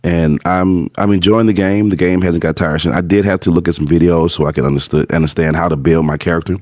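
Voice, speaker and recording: A man co-hosting a gaming podcast, talking casually with many fillers and restarts, hoarse from being sick. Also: sits low, steady tone, quick pace, a little mellow, no echo, studio quality. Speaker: podcast co-host.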